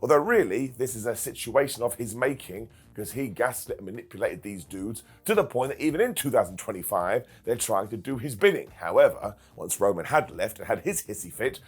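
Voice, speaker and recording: Husky, jokey male wrestling reviewer. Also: fairly low pitch, expressive, a little fast, hardly any pauses. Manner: jokey and self-mocking, chuckles through sentences. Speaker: wrestling review show host. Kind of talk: casual video review commentary.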